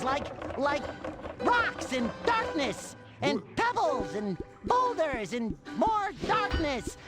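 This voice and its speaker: An actor playing a cheerful, naive young male sea sponge, giving bubbly game commentary over loud music. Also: very high voice. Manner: bubbly, chirpy, exaggerated.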